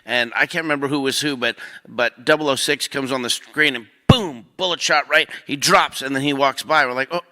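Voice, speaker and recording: A man on a convention panel, telling quick stories and quoting others. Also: medium pitch, sharp tone. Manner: quick storyteller, quotes others. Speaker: actor on a panel. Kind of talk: casual panel chat. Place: convention hall stage.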